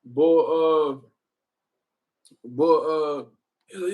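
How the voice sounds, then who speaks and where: A man hosting a livestream, talking casually with heavy profanity and animated storytelling. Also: fairly high pitch, extremely slow, long pauses. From Puerto Rico. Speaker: livestream host.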